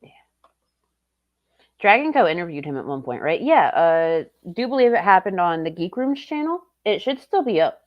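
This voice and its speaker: A woman's voice: on the low side, normal speed, highs cut off. Southern woman chatting casually on a stream. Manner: relaxed, chatty, playful asides. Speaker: streamer host.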